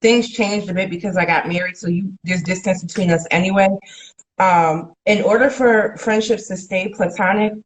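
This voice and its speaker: A woman's voice: medium pitch, moderate pace, poor audio. A young adult woman co-hosting a casual podcast, speaking candidly and laughing as she tells stories about friendships. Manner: candid, laughs as she talks, quotes others in big voices. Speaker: podcast co-host. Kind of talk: casual chat.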